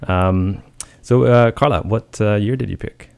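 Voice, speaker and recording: A man's voice: on the low side, unhurried, gravelly, smooth. A man hosting a radio music show, chatting easily with a guest. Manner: relaxed, easygoing with fillers. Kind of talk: casual radio interview.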